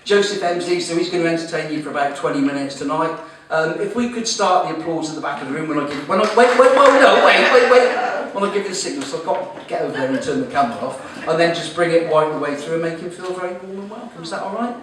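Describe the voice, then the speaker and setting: Racing along with few pauses, a man with a slightly high voice hosts a comedy night, spinning a story and ribbing the crowd with casual profanity. It's stand-up storytelling in a comedy club room, captured on a distant mic in a very echoey, noisy space.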